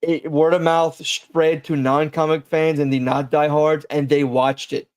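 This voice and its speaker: A man with a fairly high voice talks in loose podcast banter. He rambles and presses his points hard, swearing freely as he goes. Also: level tone, unhurried, a little mellow, clean tone. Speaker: podcast co-host.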